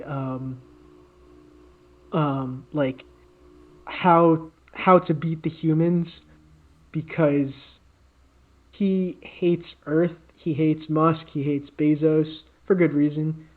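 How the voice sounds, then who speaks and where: Man, fairly high voice, casual podcast chat, rambling, tinny phone-like sound. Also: little pitch movement, slow. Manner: rambling, many fillers and restarts. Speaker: podcast co-host. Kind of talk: casual chat, improvised story.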